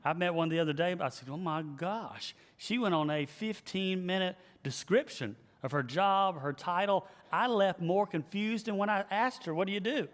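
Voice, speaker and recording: A man who is a pastor, giving an emphatic, animated leadership teaching and repeating his key phrases. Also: high voice, moderate pace, few pauses. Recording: long hall reverb.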